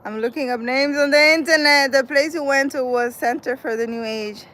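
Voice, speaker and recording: On a live walk through a city park, a female vlogger reads her chat aloud and rambles, leaning on "like" and "I don't know." Her voice sits high and sounds fairly bright, moving at normal speed. It's a low-quality recording.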